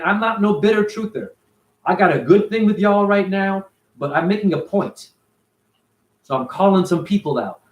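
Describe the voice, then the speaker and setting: A man's voice: high-pitched, fairly bright tone. A man hosting a casual livestream, talking animatedly and profanely and answering viewers by name. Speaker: livestream host reading chat.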